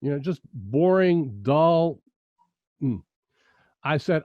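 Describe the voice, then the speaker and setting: A man's voice: on the high side, animated, measured pace, warm tone, no echo. A man with a slightly raised voice tells stories enthusiastically and with emphasis, in a casual interview chat. The sound is dry and close, with a somewhat muffled, dull tone.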